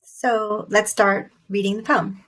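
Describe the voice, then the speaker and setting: A woman reviewing a poem, explaining its meter in a halting, thoughtful way with frequent pauses and fillers. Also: medium pitch, steady tone, a bit bright, rough recording. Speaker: poetry reviewer. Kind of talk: explaining poetry analysis.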